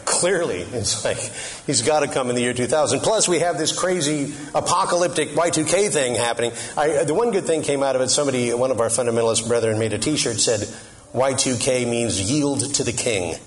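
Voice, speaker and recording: Middle-aged man, Catholic speaker, humorous talk, conversational, quizzes the audience, mid-pitched voice. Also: brisk. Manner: joking, conversational, asks the audience questions.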